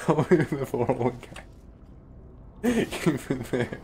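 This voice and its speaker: A young man streaming a video game, excitable and sweary, bickering with his co-op partner and exclaiming at the action. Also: medium pitch, very slow, slight background noise. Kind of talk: live gaming stream banter. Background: game music.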